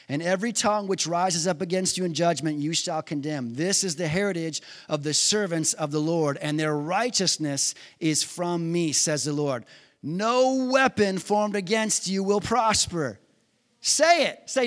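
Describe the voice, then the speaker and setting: A male pastor preaching a sermon, reading scripture aloud and building to loud, emphatic calls for the congregation to repeat after him. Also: fairly high pitch. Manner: reads scripture aloud and drives key lines home by repetition.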